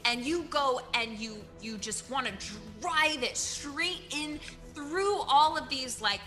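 A woman's voice: sits high, animated, slow, bright, forceful tone, faint music behind. A woman narrating as game master of a tabletop game, telling the action vividly with frequent giggles.

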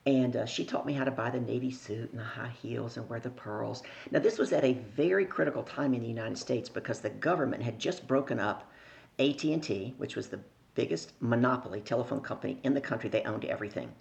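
A middle-aged woman telling lively stories as a sales coach on a podcast, asking her listeners questions along the way. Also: extremely low pitch, fast talker, gravelly, muffled recording. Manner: animated storyteller who acts out voices and asks the listener questions. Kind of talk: storytelling in a podcast interview.

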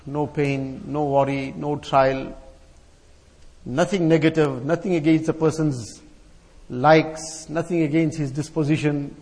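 A man's voice: on the high side, darkish tone. A man giving a sermon to scholars and elders, chanting Arabic verses and explaining them in rhythmic repeated lists. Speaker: Islamic scholar giving a talk. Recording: long hall reverb.

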